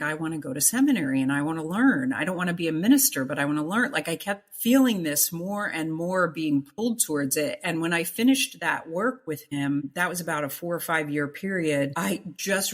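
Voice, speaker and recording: As an interview guest, a middle-aged woman with a deep, low voice earnestly shares her personal testimony of faith, emotional and pressing her points by repeating words for emphasis.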